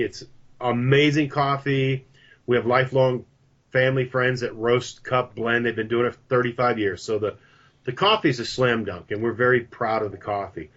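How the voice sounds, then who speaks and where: A man talking as a podcast guest about his coffee company, chatty and a little jokey, with a sales-pitch energy. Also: a bit bright. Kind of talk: casual interview talk. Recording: dull lo-fi sound.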